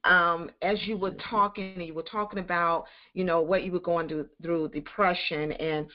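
A woman's voice: on the low side, fairly even intonation, moderate pace. A woman hosting a church talk show, affirming her guest and quoting scripture in an encouraging way. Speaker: host. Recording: dull lo-fi sound.

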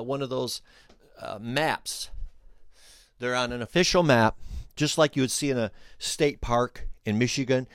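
A man hosting a podcast, telling a story in an animated way, restarting phrases and speaking straight to the listeners. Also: mid-range voice, no echo, studio quality. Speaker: podcast host. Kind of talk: storytelling commentary.

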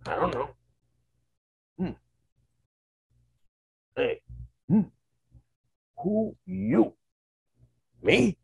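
A man's voice: high voice, creaky, slightly rough, no room sound, highs cut off, voice pushed up, heavily acted. Man playing a grunting ape man. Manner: halting caveman grunts and short questions. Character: primitive ape man, male, confused, grunting broken speech.

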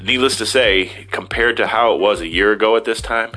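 A man's voice: lowish voice, a little fast, bright, forceful tone, soft background music. A middle-aged man from Ohio rambling in a casual, self-deprecating monologue, slipping into silly voices as he talks. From Ohio, USA. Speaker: vlogger.

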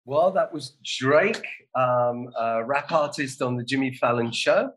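A man hosting a casual show, introducing and reacting to videos with relaxed, wry asides. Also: medium pitch, measured pace, rough recording. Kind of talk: casual live commentary.

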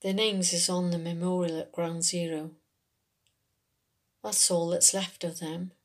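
A woman reading a first-person short story, telling it in an unhurried, conversational way in a working man's dialect. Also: fairly low pitch, little pitch movement. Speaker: story reader.

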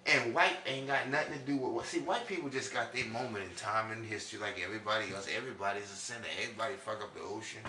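A man from New York doing a loud, preachy comic monologue that swings between high and low. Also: fast talker, few pauses, recorded from a distance, a little hiss or hum. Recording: echoey room, from off-mic.

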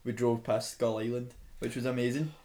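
A man's voice: mid-range voice, level tone, brisk, warm tone. A man, a guest on a podcast, telling travel stories casually and swearing freely. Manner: sweary storytelling. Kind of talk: casual chat.

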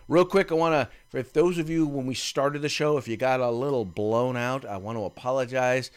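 A man co-hosting a casual podcast, talking in an animated, rambling way with many restarts. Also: mid-range voice, moderate pace, hardly any pauses, smooth. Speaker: podcast co-host.

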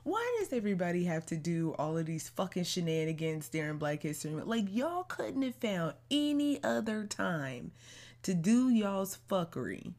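Podcast host, woman; lowish voice with a gravelly fry, plainspoken and slangy, casual solo talk. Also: sing-song, moderate pace, darkish tone. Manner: blunt, slangy, outspoken.

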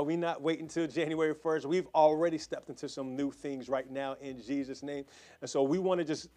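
Fervent preaching man, slightly high voice. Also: darkish tone. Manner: fervent, repetitive exhorting with quick restarts. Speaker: pastor. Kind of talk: prayer and offering appeal.

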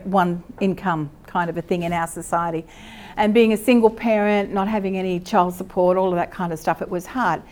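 A middle-aged Australian woman giving a lively, conversational church teaching and asking her listeners questions. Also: mid-range voice. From Queensland, Australia. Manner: lively, asks the audience questions.

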